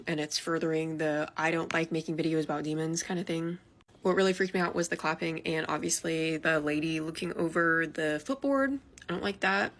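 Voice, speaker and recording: Low-voiced woman telling ghost stories. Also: fairly bright tone. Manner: chatty, confiding. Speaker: storyteller. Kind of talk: casual storytime narration.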